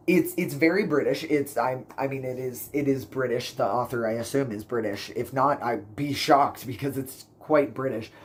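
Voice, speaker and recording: A man's voice: mid-range voice, slight background noise. A man rambling casually through book reviews for his channel, full of fillers and self-corrections, gushing about what he loved. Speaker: book vlogger.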